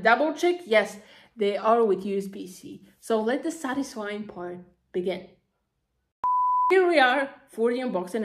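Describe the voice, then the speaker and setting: A woman talking casually through an unboxing, excitable and chatty, gushing over each item with lots of fillers. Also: a little high. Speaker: vlogger.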